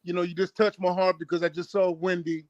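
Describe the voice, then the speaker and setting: A man's voice: high-pitched, level tone, fairly quick, muffled recording, a crowd in the background. A man in his fifties from Baltimore, a joking, playful guest on a talk stream.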